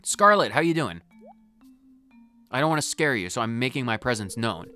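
Bright-voiced man rambling over gameplay. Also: mid-range voice, sing-song, normal speed, faint music behind. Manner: rambling, talks to himself, goes off on tangents. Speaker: gaming video host. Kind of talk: casual let's-play commentary.

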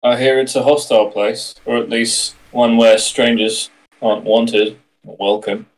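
A man playing a tabletop game, playful and quick, describing what his character does. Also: medium pitch, steady tone, rough recording. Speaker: player. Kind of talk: casual tabletop play.

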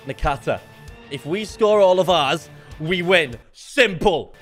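A young man commentating his own football video game match, muttering under his breath and then bursting into shouts. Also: measured pace, soft background music. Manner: excitable, swings from low muttering to shouted outbursts. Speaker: gaming YouTuber. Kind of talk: live gameplay commentary.

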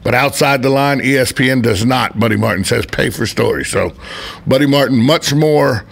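A man's voice: mid-range voice, normal speed, gravelly. A man hosting a sports radio show in a studio, chatting casually and joking with a co-host. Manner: chatty, joking, rambling asides.

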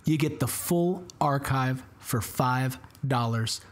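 A man's voice: medium pitch, slow. A man hosting a podcast in casual chat, joking and playful. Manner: jokey, playful. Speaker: podcast host.

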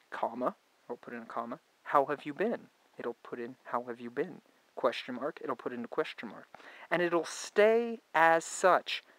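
A man's voice: mid-range voice, a bit bright, poor audio. A man with a Canadian accent walking through phone settings in a casual review, chatty and digressive with dry sarcastic asides. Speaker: tech reviewer. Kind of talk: casual product review walkthrough.

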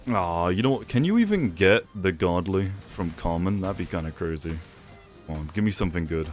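A young man giving excitable gameplay commentary, talking to himself and laughing often. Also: low-pitched, fairly quick, faint music behind. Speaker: gaming YouTuber.

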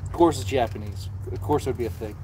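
A man's voice: medium pitch, fast talker, warm tone, slight background noise. A man hosting a casual livestream, rambling and swearing freely as he chats. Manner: rambling and profane, with frequent restarts. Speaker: livestream host.

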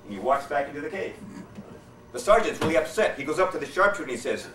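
A man tells political jokes in a folksy, storytelling manner, with a lively, swinging pitch. He is recorded in a roomy hall from some distance. Faint room ambience is heard behind him. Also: fast talker, slight background noise. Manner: folksy storyteller, chuckles at his own punchlines. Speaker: speaker at a political society event. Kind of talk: stand-up joke telling. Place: event hall, indoors.

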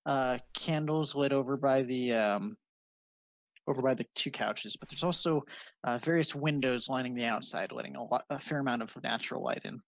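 A game master describing scenes in a tabletop game, halting often with fillers. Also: medium pitch, dry recording, rough recording.

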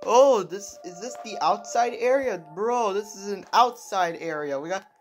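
A young woman giving excited commentary over her gameplay, full of exclamations, repeats and restarts. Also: mid-range voice, moderate pace, soft background music. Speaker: gaming video creator.

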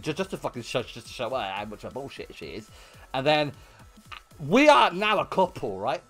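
A young man livestreaming, telling a story to his chat in an animated way with lots of swearing and bursts of laughter. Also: mid-range voice. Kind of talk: casual storytelling to stream chat.

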